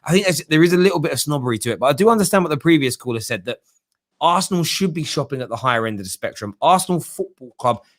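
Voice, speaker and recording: A man's voice: a little high, animated, quick pace. A young man hosting a football fan show, chatting casually with callers and mocking others in whiny put-on voices.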